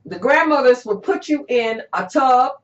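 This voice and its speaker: A woman hosting a casual interview as an herbalist, talking in a relaxed, drawn-out way with many fillers. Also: sits high. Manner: relaxed, drawn-out, with frequent "you know" and "um". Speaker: herbalist host. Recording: roomy, dull-sounding recording.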